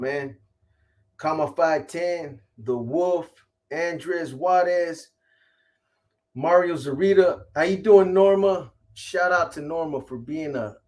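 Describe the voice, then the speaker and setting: Brief: middle-aged male live-stream host, slightly high voice, profane street slang, rambling shout-outs. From California. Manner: rambling, shouting out viewers by name. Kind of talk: casual live-stream chat.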